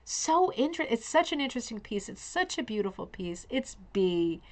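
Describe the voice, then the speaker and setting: A woman's voice: a little high, very animated, moderate pace. A woman hosting a casual live online show, talking effusively and addressing viewers by name. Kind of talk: casual livestream commentary.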